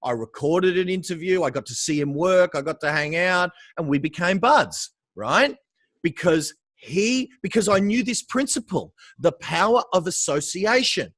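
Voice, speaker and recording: An Australian man in casual podcast chat as a guest real estate coach, animated, swearing casually and calling the host bro. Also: high-pitched, moderate pace, no room sound.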